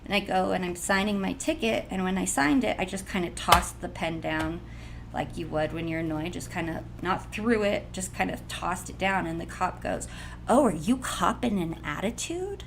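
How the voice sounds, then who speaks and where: A woman tells a personal story in a casual, blunt way, getting animated as she goes. Her voice has a gravelly fry to it, with a faint noise in the background. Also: fairly low pitch, normal speed.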